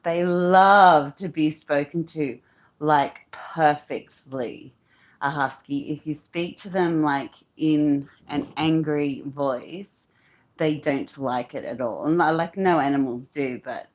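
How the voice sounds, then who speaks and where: Slow, soft-spoken Australian woman. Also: deep voice, lo-fi sound. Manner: soft, relaxed and affectionate, greeting viewers one by one. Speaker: live-stream host. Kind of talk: casual live-stream chat. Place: at home, indoors.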